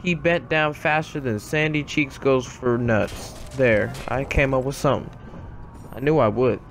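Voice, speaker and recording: A man tells a dramatic story in a loose, slangy way and breaks off for comic asides. His voice sits at an ordinary middle pitch. Clear background noise runs under the recording. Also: a little slow. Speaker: gaming YouTuber. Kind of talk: casual storytelling.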